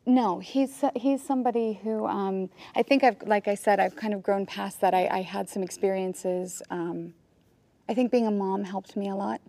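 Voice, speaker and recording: A woman with a gravelly, fry-tinged voice answers interview questions. She tells stories with animated energy, moving between earnest reflection and playful retelling. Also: medium pitch, normal speed, no echo. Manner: animated storytelling, laughs, imitates others. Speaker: actress in an interview.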